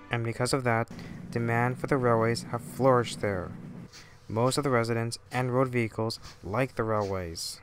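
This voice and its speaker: A man reading a fan-made children's-style railway story as narrator, in a steady, plain storytelling manner. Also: medium pitch. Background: faint music.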